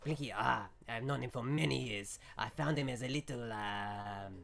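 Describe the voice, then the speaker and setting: A man voicing an eccentric, cheerful male hermit who built a tower, in an excitable, rambling manner. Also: medium pitch, normal speed, gravelly, a crowd in the background, natural voice.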